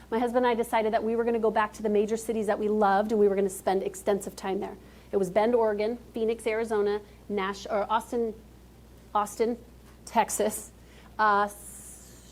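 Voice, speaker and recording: High-pitched, lively woman speaker. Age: 30s. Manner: energetic, joking, talks straight to the audience. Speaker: motivational speaker. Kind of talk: live keynote speech. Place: conference stage before a live audience.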